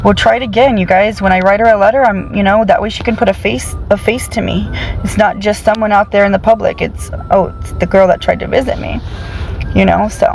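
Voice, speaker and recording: A woman's voice: mid-range voice, steady tone, fast, gravelly, faint music behind, poor audio. A woman telling her followers a story in a chatty vlog style, nervous and often saying "you guys". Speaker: TikToker recounting a jail visit.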